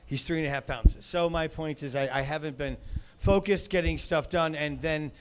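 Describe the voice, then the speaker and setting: A man hosting a comedy show, swearing and shouting in a rant, then rambling with fillers and restarts. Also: a little high, moderate pace, background noise. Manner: profane, shouting rants at a heckler.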